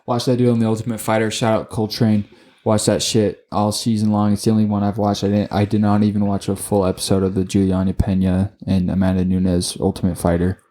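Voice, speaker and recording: A young man co-hosting a sports podcast, swearing constantly and tripping over his words as he rushes through his opinions. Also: on the low side. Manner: profane, excitable, stumbles and repeats words. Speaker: podcast co-host. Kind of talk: casual sports chat.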